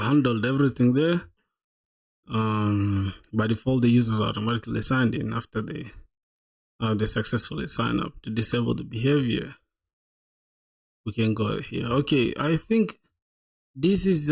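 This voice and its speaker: Casual male streamer, gravelly voice, chatty, thinks aloud while he codes. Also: medium pitch. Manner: thinks aloud, laughs often, says "bro" a lot. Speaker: streamer coding live. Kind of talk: casual live-coding stream chat.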